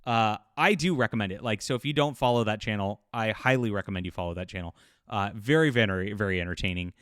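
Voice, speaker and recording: A man's voice: on the low side, fast, a bit bright, clear, resonant tone, no room sound, clean studio sound. A man hosting a casual commentary channel, rambling with lots of fillers and restarts. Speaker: YouTube host and sci-fi writer.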